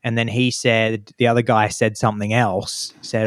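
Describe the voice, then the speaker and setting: Animated man telling a story. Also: on the low side, normal speed, dry recording. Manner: animated storyteller, acts out quotes. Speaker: podcast co-host. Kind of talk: casual chat.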